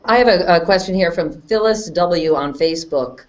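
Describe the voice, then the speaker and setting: A woman's voice: fairly low pitch, normal speed, slight background noise. A woman hosting an interview, reading viewer questions to her guest in a friendly way, heard over a video call. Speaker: host. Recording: muffled, dull online video call audio.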